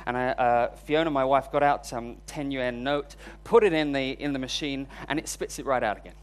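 Speaking at normal speed with a medium-pitched voice, a man preaches a sermon built around a personal story told candidly and with self-deprecation. His voice rises as he recounts his frustration.

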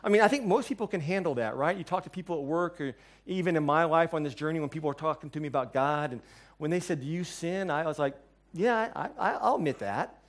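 A pastor delivers a sermon in a conversational, emphatic way, slipping in quick asides to the congregation. His voice sits a touch higher than most men's.

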